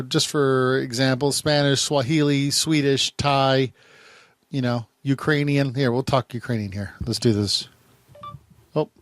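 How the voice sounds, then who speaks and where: A private investigator with a medium-pitched voice casually reviews phone apps on camera, rambling, often repeating words and restarting sentences. There's no echo on the recording.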